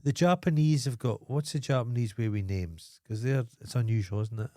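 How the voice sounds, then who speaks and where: A man's voice: medium pitch, moderate pace, warm tone, no room sound, studio quality. A man co-hosting a podcast in casual comedic chat, crude and blunt, cutting in with film references. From Scotland. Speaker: podcast co-host.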